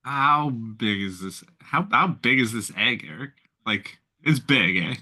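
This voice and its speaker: A player in a tabletop game, asking quick questions in casual chat. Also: mid-range voice, lively intonation, bright, forceful tone.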